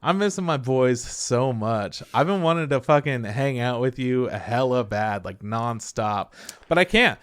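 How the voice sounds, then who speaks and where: Casting: relaxed, profane male podcast co-host, smooth, close and dry. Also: mid-range voice, a little slow, no room sound. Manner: laid-back, swears a lot, laughs often. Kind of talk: casual chat.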